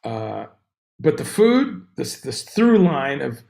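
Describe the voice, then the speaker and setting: A man chats casually on a livestream, his voice gravelly with a touch of fry. He rambles in an animated way and calls out to viewers by name. The sound is roomy and echoey. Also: medium pitch, slow. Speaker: livestream host. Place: room on tour abroad. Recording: echoey room.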